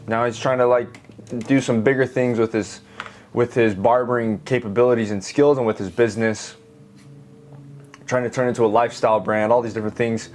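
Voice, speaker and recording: A young man speaking at a medium pitch, earnest and emphatic as he recounts his struggles and talks straight to the people watching. He tells his story while drawing, with a faint hiss under his voice. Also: fairly even intonation, brisk, darkish tone. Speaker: art teacher and YouTuber.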